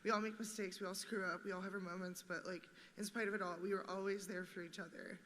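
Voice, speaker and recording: A young woman speaking at a memorial on stage, animated, acting out her friend's words and laughing. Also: medium pitch, quick pace. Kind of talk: personal storytelling. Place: large theater stage. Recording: long reverb in theater, faint background noise.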